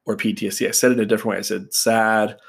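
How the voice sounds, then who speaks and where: Gravelly low-voiced man teaching practitioners. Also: little pitch movement, fast talker. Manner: conversational, addresses listeners as "guys", acts out client exchanges. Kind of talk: casual instructional talk.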